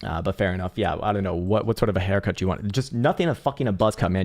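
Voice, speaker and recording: A man's voice: deep voice, fast. A man casually analyzing trading charts on a live stream, rambling, swearing freely and laughing as he reads viewer messages aloud.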